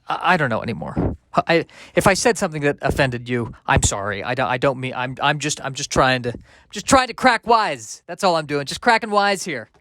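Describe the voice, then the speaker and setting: A man hosting a solo comedy podcast, rambling and self-deprecating, halting with many restarts and sardonic asides. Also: a little high, animated, bright, forceful tone, no room sound. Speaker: podcast host.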